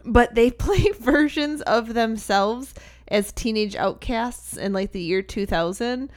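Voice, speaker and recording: A woman's voice: on the high side, slow. A woman co-hosting a casual chat show, enthusiastic and gushing. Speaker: podcast co-host.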